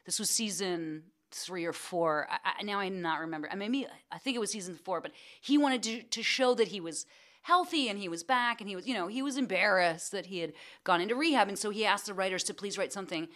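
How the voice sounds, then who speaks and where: A middle-aged woman guest in a casual interview. She tells stories in a bright, forceful voice. She brings her quotes to life in an animated way. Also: a little fast. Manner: animated, acts out quotes in a high excited voice. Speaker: guest actor.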